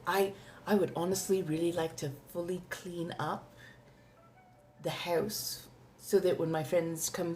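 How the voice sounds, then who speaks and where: A woman from Southern California reading tarot on a live stream in casual chat, with a theatrical, drawn-out way of speaking and calling her viewers darlings. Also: deep voice, creaky, darkish tone. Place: home.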